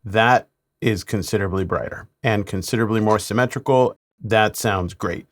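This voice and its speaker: A man, a mix engineer, talking through a mixing tutorial in a relaxed way with playful asides. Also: on the low side, normal speed, faint music behind.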